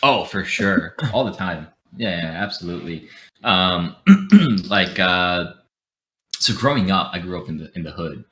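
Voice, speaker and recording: A young man chats on a podcast in a low register with a bright, forward tone. He laughs often and slips into quoted voices of friends as he tells his stories. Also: a little slow. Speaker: podcast host. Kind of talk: casual podcast chat.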